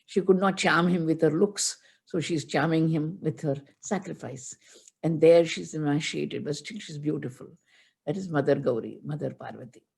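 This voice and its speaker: A woman spiritual teacher giving a religious discourse, chanting Sanskrit verses and then explaining them in measured storytelling. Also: deep voice, gravelly, a little mellow.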